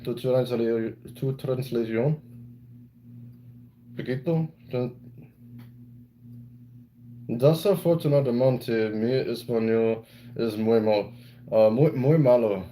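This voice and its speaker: A man's voice: mid-range voice, fairly even intonation, slow pace, pauses often, warm tone, slight background noise, low-quality recording. A man live-streaming and chatting with viewers, rambling playfully and slipping into broken Spanish. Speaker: livestreamer reading chat. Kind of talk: casual live-stream chat.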